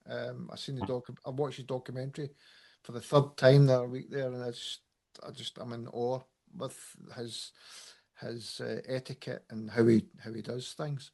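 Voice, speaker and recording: Man, interview host, casual, hesitant, mid pitch. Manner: hesitant, many fillers and restarts. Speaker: podcast host, photographer.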